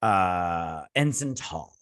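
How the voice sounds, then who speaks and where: Speaking extremely slowly in a low, expressive voice with a fairly bright tone, this TV breakdown host rants sarcastically through an episode recap. He pokes fun at characters with silly quotes, laughs and swears often, and trails off with fillers. The dry recording has clean studio quality.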